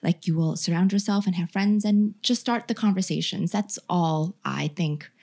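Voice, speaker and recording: A woman's voice: on the low side, moderate pace, vocal fry, mellow, slightly rough. A woman guest on a podcast, chatting casually and agreeably. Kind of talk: casual chat.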